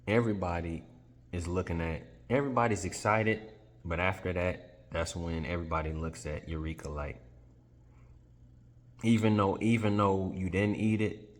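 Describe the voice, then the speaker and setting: A man with a very deep voice retells a story in a casual, chatty manner. He is animated and keeps correcting himself mid-sentence. A long reverb hangs on his voice.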